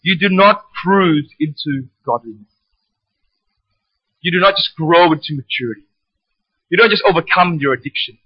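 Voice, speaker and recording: A high-pitched man preaching with fervor, his voice climbing to shouts and dropping back to earnest quiet. The sound is close and dry, a little dull and muffled. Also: normal speed, long pauses, slightly rough, dry recording. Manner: passionate, rising to shouts, with animated storytelling. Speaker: pastor. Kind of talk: sermon.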